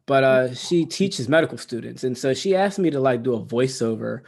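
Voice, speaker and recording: A man co-hosting a podcast in loose, casual talk. His voice sits at a middle pitch. He tells stories and laughs often as he goes. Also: animated, normal speed, creaky, darkish tone. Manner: storytelling, laughs often, acts out quotes. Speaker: podcast co-host and coach. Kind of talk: casual chat.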